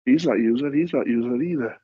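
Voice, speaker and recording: A man's voice: medium pitch, rapid-fire, breathy edge, no echo. A man, a wrestler guest on a podcast, telling rambling stories in casual chat and acting out the quotes. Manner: rambling, animated storytelling with acted-out quotes. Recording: dull lo-fi sound.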